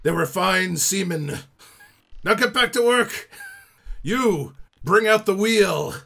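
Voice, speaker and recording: A man's voice: a little high, steady tone, a little fast, gravelly, a bit bright, voice pushed up. A man doing a barking, bossy sea captain. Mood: commanding. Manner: barking orders.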